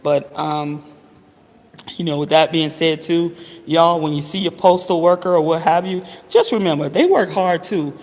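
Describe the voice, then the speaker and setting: A man's voice: on the high side, moderate pace. A man chatting casually to his viewers, calling them honey and swearing freely. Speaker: vlogger. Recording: long reverberant echo.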